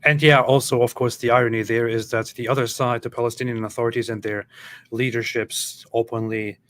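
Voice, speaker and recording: A man's voice: medium pitch, little pitch movement, a little fast, fairly bright tone. A man co-hosting a casual livestream, giving sardonic commentary on graphs and clips. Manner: sardonic, talks over clips. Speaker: co-host.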